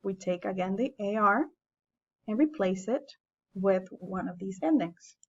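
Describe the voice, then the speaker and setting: A woman teacher explains grammar at an unhurried, deliberate pace. Her voice sits at a middling pitch and comes through a somewhat dull, lo-fi recording. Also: lively intonation. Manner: slow, patient explaining. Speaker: Spanish teacher. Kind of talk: classroom lesson narration.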